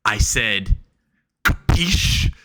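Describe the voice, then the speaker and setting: A brooding young wrestler posing as a mob boss, as a man puts him on. He talks in clipped, demanding tough-guy lines with a bright, forceful edge. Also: on the low side, lively intonation, measured pace, heavily acted. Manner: clipped, demanding, faux-Italian tough talk.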